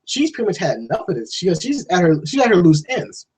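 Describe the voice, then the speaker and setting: A man giving a casual, rambling spoken film review, swearing freely and restarting sentences, often jumping into a high, excited voice to act out scenes. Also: fast, husky, rough recording. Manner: jumps to high excited voice when acting out scenes.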